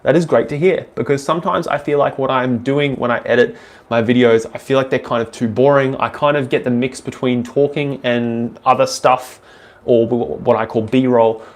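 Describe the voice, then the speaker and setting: A man's voice: medium pitch, steady tone, moderate pace. A young Australian man with an Australian accent, casually answering viewer questions on a live stream in a loose, rambling way, full of ums and restarts.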